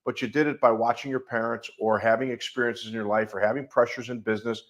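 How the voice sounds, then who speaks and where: A man's voice: mid-range voice, fairly even intonation, fast, fairly bright tone. A middle-aged man with a Midwestern American accent, speaking as a life coach on a coaching call. He talks emphatically and piles up long repeated lists.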